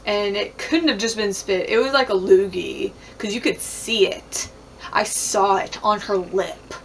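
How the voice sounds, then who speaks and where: A woman's voice: mid-range voice, measured pace, slight background noise. A woman recapping a reality show in a casual vlog, talking bluntly with lots of swearing and "like", and laughing often. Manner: blunt, profane, heavy use of "like".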